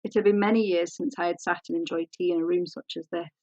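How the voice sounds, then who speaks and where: A woman author reading her novel aloud in a measured, composed way. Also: on the low side, steady tone, mellow, no room sound, highs cut off.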